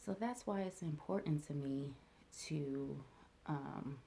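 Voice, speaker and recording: A woman vlogger telling a personal story in a reflective, halting way, with many fillers and restarts. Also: low voice, vocal fry, dark tone, a little hiss or hum.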